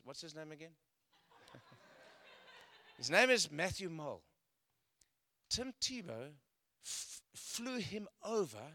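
Male guest preacher, storytelling sermon, high and ringing tone, climbs to loud peaks. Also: dry recording. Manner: storytelling, building to loud emphatic peaks then dropping quiet.

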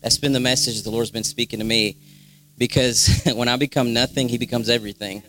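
A man's voice: medium pitch, steady tone, a little fast, fairly bright tone. A young man giving a spontaneous, fervent exhortation in a church, repeating phrases for emphasis. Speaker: church member sharing a word. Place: church sanctuary.

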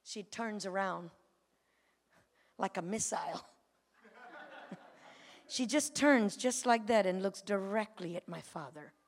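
A woman telling her personal testimony to a church congregation, chatty and lively, often laughing as she tells it. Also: medium pitch, takes it slowly, long pauses. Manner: lively, chatty storytelling with frequent laughs and rising emotion. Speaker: church member giving a testimony. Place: church sanctuary. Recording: reverberant church hall.

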